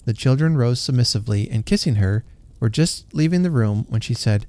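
Narrator for a classic story read aloud: man, mellow warm tone, unhurried and gentle. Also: medium pitch, animated, no echo.

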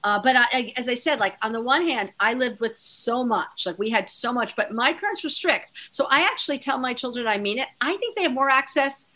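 Bright-voiced chatty middle-aged woman. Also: fairly high pitch, animated, brisk, hardly any pauses. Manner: chatty, rambling with many fillers and restarts. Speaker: podcast guest, designer. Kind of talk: casual chat.

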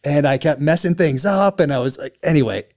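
A man's voice: fairly high pitch, a little fast, darkish tone. A man hosting a podcast interview, chatting casually and enthusiastically, with many restarts and fillers. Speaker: podcast host, author.

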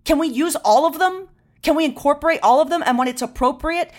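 A young woman from Venezuela co-hosting a podcast, talking with passion and speed and slipping in Spanish words. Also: high voice. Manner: impassioned, rapid and animated, mixing in Spanish words. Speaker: podcast co-host. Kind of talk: casual chat.

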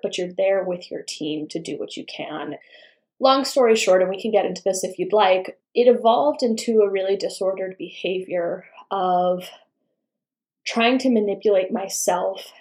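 A woman in her thirties, a running coach, talking as a podcast guest in casual chat and laughing often. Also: mid-range voice. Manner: warm-hearted, laughs often.

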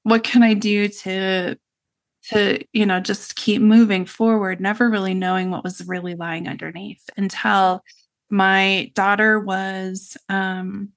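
A woman's voice: mid-range voice, flat delivery, slow. Middle-aged woman, interview guest, earnest reflective storyteller, mid-range voice, casual fillers. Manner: earnest, reflective, with frequent "you know" and "like".

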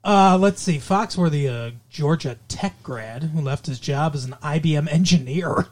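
A man's voice: a little high, moderate pace. A male podcast co-host chatting casually about the news, rambling with many fillers and restarts, and cracking sardonic jokes.

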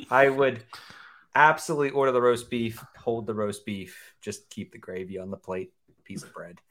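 A man's voice: medium pitch, steady tone, normal speed, fairly bright tone. Guy rambling thru his thoughts on the food, chuckles, kinda indecisive. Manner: musing, thinking aloud, chuckling. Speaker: food reviewer.

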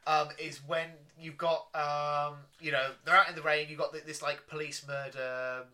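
Bright, animated young man chatting. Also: fairly high pitch, moderate pace. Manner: animated, swears freely, laughs often. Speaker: podcast co-host. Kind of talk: casual chat.

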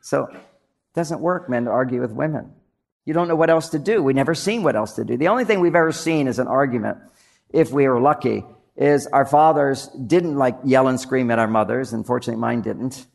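A man's voice: mid-range voice, brisk, vocal fry. An older man giving a humorous talk on relationships, acting out little scenes as he tells stories to a laughing audience. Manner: animated storytelling, acts out quotes, audience laughter. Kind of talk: comedic stage talk.

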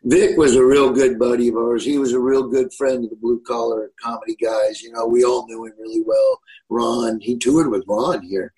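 A man's voice: medium pitch, expressive, moderate pace, few pauses, warm tone, low-quality recording. Guest comedian, male, 60s, Southern US accent; easygoing, rambling delivery. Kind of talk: casual interview chat.

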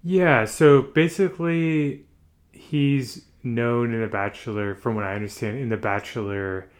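A man's voice: mid-range voice, unhurried. Laid-back man co-hosting a podcast. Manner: loose, filler-heavy recapping. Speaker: podcast co-host. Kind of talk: casual chat.

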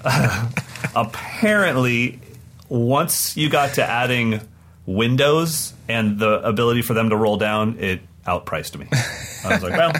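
A man co-hosting a podcast, telling stories in an excited, rambling way in casual chat. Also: mid-range voice, unhurried, slight background noise. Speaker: podcast co-host and touring drum clinician.

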